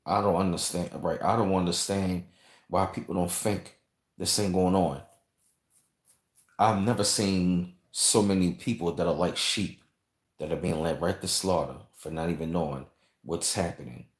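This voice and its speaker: Livestream host, male, lowish voice, loose rambling chat, roomy echo. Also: steady tone, moderate pace. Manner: rambling, conversational, repeats phrases, reads and thanks viewers. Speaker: channel host reading live chat.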